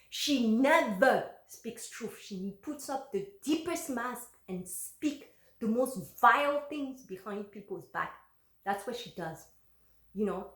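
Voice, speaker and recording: Animated high-voiced woman telling a story. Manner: animated, heated retelling with quoted dialogue. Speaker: vlogger. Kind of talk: casual personal storytelling. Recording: echoey room.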